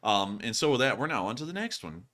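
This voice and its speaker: A man's voice: mid-range voice, big pitch swings, fast, a bit bright. A man hosting a casual livestream, thanking donors in a rambling, chatty way and laughing often. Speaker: livestream host. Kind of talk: casual livestream chat reading donations.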